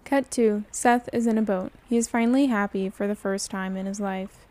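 A woman narrating an improvised comedy story in a deadpan way on a podcast. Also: medium pitch, normal speed.

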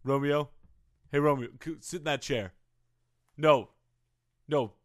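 A man's voice: on the high side, slow pace. A man voicing an emotional male football coach who argues with himself in a comedy podcast sketch. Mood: impatient. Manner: rambling and increasingly frantic.

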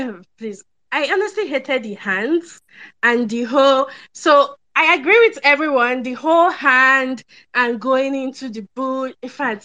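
Chatty high-voiced woman. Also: bright, forceful tone. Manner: chatty, laughs often, many ums and restarts. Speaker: podcast film reviewer. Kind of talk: casual film review chat.

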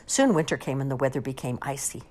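A woman reading storybooks aloud in an expressive, lively storytelling manner. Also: very deep voice, fast talker. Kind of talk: animated storybook read-aloud.

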